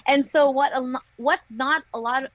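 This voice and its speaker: A woman's voice: sits high, steady tone, moderate pace, no echo. Woman singer on a dull, dry call. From Philippines. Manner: candid, laughs often between thoughts. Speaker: singer, interview guest. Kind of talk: casual interview chat.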